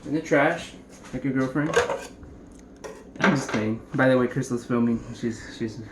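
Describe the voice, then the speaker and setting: A young man talks through trimming and seasoning a brisket in his home kitchen, loose and jokey, with offhand swearing. His voice sits at a middling pitch for a man. Clear room ambience runs underneath. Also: very noisy. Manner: joking, rambling, swears casually. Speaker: home cook showing a brisket recipe. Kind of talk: casual cooking demonstration.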